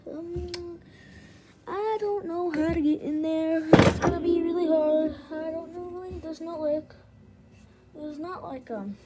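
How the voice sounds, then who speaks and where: High-voiced woman chatting over loud noise. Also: a little slow. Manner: chatty, laughs often, drops to a whisper at times. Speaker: vlogger taking apart a machine. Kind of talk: casual running commentary while working. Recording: loud background noise with tool clicks.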